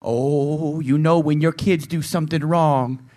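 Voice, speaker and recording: A man with a fairly high voice preaches a sermon at a measured pace. He's animated, asking the congregation questions and acting out the voices of the people in his story.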